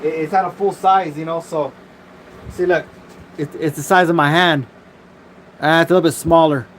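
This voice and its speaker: Man, casual live-stream host, somewhat higher voice, loose cursing chatter over phone mic with faint background noise. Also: steady tone, normal speed, fairly bright tone. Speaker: livestream host.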